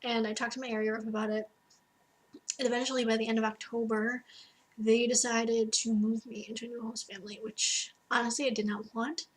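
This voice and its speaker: Young woman vlogger, late teens, slightly high and breathy, animated rant to webcam with quoted asides. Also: fairly quick, low-quality recording. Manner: animated storytelling, frequent "like" and acted-out quotes. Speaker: exchange student vlogger. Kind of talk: casual ranting monologue to camera.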